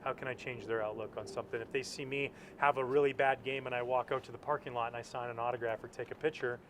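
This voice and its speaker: Man from canada, interview guest, relaxed and reflective, middle pitch, faint noise, outdoor ballpark. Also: quick pace. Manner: relaxed and reflective, filler-heavy. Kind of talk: casual interview chat.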